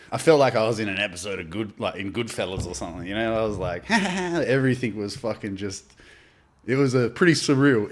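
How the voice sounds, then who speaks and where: An Australian man in casual podcast chat, telling animated anecdotes and swearing freely. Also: on the low side. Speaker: podcast guest, artist.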